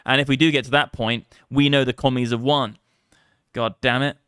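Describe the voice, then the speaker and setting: A man's voice: mid-range voice, fairly even intonation, normal speed, fairly bright tone, smooth, no echo, clean studio sound. A man hosting a crypto trading livestream, rambling casually and swearing freely. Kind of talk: live trading commentary.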